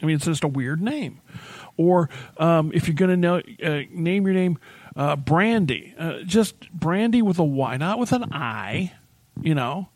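A man's voice: on the high side, expressive, unhurried, darkish tone, dry recording. A man co-hosting a podcast, chatting casually and rambling through anecdotes. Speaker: podcast co-host. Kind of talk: casual chat.

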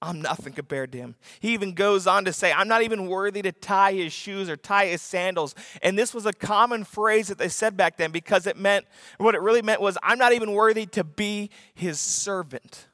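A man with a high voice preaches a sermon, telling the story vividly and acting out voices. He builds to sudden shouts for emphasis. His voice sounds dry up close yet trails off into a long hall reverb. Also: normal speed. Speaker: pastor.

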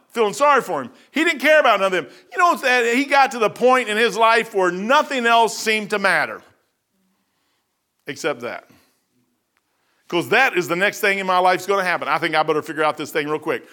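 A middle-aged man preaching a sermon in a folksy, animated way, building to emphatic high peaks.

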